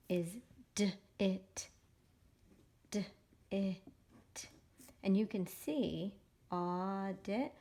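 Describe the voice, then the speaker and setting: Woman, teacher, phonics lesson for kids, slow, patient, sounds out syllables, middle-aged. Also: medium pitch, dark tone.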